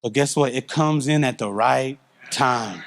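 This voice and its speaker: A middle-aged man giving a candid, conversational testimony at a church service, telling his story with animated feeling. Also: medium pitch, unhurried, slight background noise.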